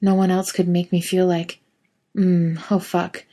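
A woman putting on a coy adult man who teases in a husky, mellow murmur. The delivery stays low and even, with breathy coaxing tones. It sits inside a quiet spoken story. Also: measured pace. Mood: teasing. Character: teasing adult man, playfully smug lover.

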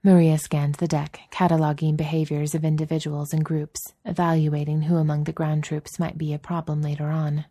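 Low-voiced woman reading a story. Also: level tone, moderate pace, hardly any pauses, warm tone, no room sound. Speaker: audiobook reader. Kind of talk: narrating a fan fiction story.

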